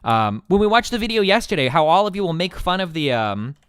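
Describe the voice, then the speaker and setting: A man's voice: high-pitched, very animated, fairly quick, a bit bright, clean tone, no room sound. A man streaming, talking casually and heatedly to his chat, profane and combative.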